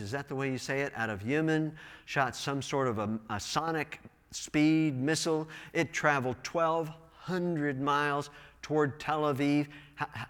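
Animated preacher man with high voice. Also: clean tone, in a large hall. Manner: animated, rising to emphatic bursts. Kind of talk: sermon. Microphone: wearing a microphone.

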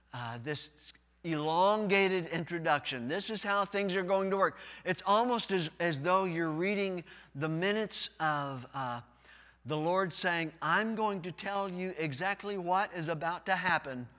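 Bright, animated preaching man in a hall. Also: high voice. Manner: folksy, animated preaching that swells loud on key words. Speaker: pastor. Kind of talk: preaching a sermon. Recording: long hall reverb.

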